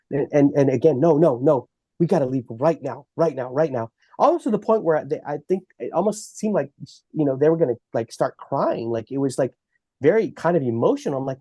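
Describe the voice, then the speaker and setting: A man with a Texan accent, a guest on a podcast, telling a long story in an animated, halting way full of restarts. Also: medium pitch, no echo, studio quality. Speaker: bigfoot researcher guest.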